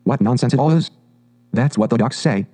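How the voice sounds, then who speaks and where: A man voicing a cheerful, good-natured male water rat from a storybook, talking in a brisk, hearty, chatty way. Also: mid-range voice, mellow, lightly acted, low-quality recording.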